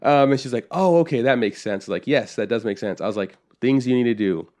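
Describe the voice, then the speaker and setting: A young podcast co-host with a medium-pitched, slightly mellow voice talks fairly quickly. In casual chat he tells a rambling story, swearing freely and acting out lines his family said.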